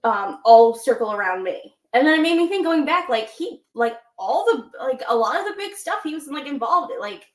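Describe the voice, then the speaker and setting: A woman's voice: high voice, big pitch swings, moderate pace, hardly any pauses, reverberant. A woman co-hosting a casual wrestling podcast, animatedly recapping promos and acting out quoted lines. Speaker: podcast co-host.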